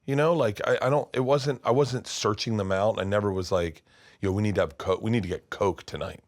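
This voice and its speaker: A middle-aged man, a comedian, telling animated stories in an interview, acting out voices and laughing loudly. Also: lowish voice, brisk. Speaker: comedian guest. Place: his studio.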